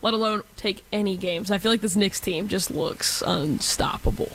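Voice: mid-range voice, moderate pace, gravelly, fairly bright tone, slight background noise. A person in their twenties from Texas, co-hosting a casual sports talk show and chatting with lots of fillers.

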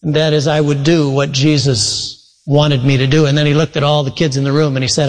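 A man's voice: fairly high pitch, flat delivery, brisk, hardly any pauses, in a large hall, rough recording. A man preaching a sermon, earnestly retelling a story with quoted dialogue.

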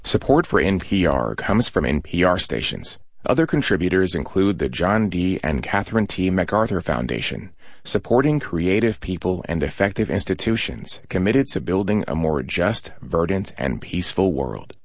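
A man reading a sponsor announcement in a smooth, polished announcer style. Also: deep voice, big pitch swings, normal speed, no echo, clean studio sound. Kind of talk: underwriting announcement.

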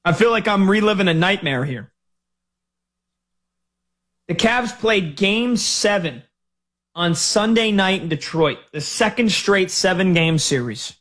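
A male sports radio host talks into a studio microphone in a somewhat high voice. He rants in an animated, exasperated way. The delivery is loose and conversational. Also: measured pace, long pauses.

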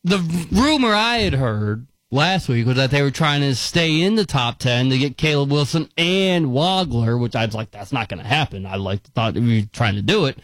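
Lively sports radio host. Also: male voice, medium pitch, dry recording. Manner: animated, quick reactions, frequent laughs and restarts. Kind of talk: casual sports talk radio.

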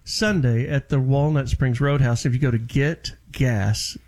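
A man's voice: medium pitch, fairly even intonation, measured pace, a little mellow. A man hosting a casual talk show, chatting and plugging an event. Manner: chatty, promotional. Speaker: host.

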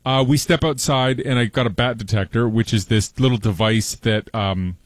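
Man, mid-pitched radio guest, rambling and friendly, dry close mic. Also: normal speed, no room sound. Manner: chatty, rambling with fillers. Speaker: science guest. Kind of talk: casual radio interview.

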